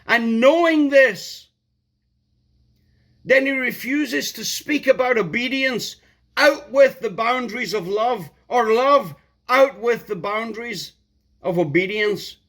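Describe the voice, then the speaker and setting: A man preaching a sermon, emphatic, repeating key words and building to loud outbursts. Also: extremely high pitch, slow pace.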